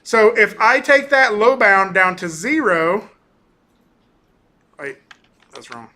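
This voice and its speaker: A male animation instructor lecturing casually through a software demo, often ending points with "right?" and pausing on "um". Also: sits high, animated. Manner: casual, talkative, keeps tagging on "right?"; frequent ums and restarts. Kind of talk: recorded class lecture with screen demo.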